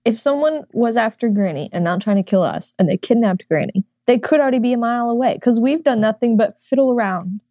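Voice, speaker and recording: A woman's voice: a little high, lively intonation, brisk, few pauses, mellow, no room sound, studio quality. A woman playing in a tabletop game, talking in a casual, decisive way. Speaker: player.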